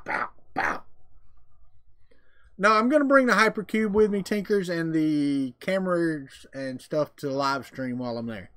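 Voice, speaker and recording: A man's voice: on the high side, a bit bright, dry recording, studio quality. A man with a Southern US accent hosting a casual livestream, chatting with viewers in a folksy, joking way. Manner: folksy, drawling, jokey. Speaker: livestream host. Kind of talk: casual chat with live viewers.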